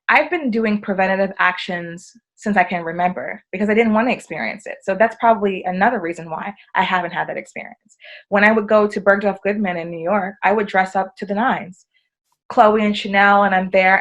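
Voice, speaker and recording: An American woman, a podcast guest, chatting casually and acting out quoted dialogue as she tells her stories. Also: medium pitch. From United States. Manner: animated, acts out quoted dialogue. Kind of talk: casual conversational storytelling.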